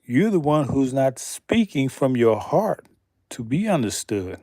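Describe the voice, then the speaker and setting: Guy ranting real slow n deliberate, lots of pauses, rhetorical questions, dry close sound. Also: medium pitch, sing-song, a little mellow, no echo. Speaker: channel host. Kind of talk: slow deliberate commentary monologue.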